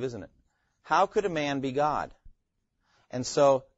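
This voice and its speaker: A man's voice: medium pitch, no room sound, dull audio. A man teaching a Bible class, quizzing his students and repeating key phrases.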